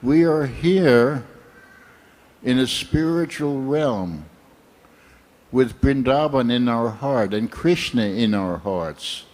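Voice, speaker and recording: A man in his seventies from the United States, giving a slow, earnest and heartfelt sermon full of personal anecdotes. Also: medium pitch, animated, a little mellow. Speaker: guest speaker at a temple program.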